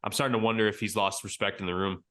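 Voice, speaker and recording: A man's voice: fairly low pitch, little pitch movement, rapid-fire, a bit bright. Profane, heated male sports podcaster. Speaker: podcast co-host. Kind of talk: casual sports chat.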